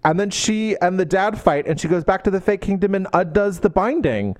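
Man, book-chat co-host: wry, exasperated, casual swearing, fairly high and lively voice. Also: fairly quick, no room sound, clean studio sound.

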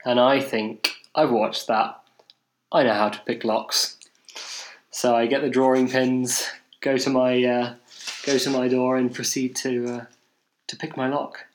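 A man's voice: mid-range voice, level tone, unhurried, pauses often, rough recording. A young man from England telling a long story on a podcast in a rambling, self-mocking way, full of restarts and fillers. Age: young adult. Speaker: podcast co-host. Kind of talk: casual storytelling chat.

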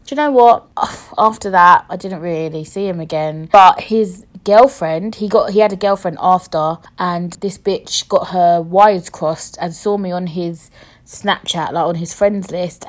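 Brief: young woman, podcast host, frank sweary storyteller, chatty and candid. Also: mid-range voice. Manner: blunt, swears freely, laughs mid-story. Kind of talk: casual storytelling monologue.

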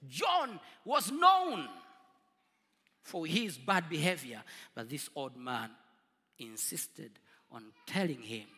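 A man preaching a storytelling sermon, dramatic and husky, swinging from booming to hushed. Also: big pitch swings, takes it slowly. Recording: long reverb of a large hall.

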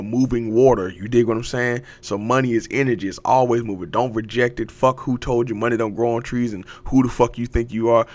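Speaking directly into the mic, a young podcast host delivers a loose, motivational monologue of his own. His pitch sits in the middle, and he wanders, curses, gets worked up and cracks up laughing.

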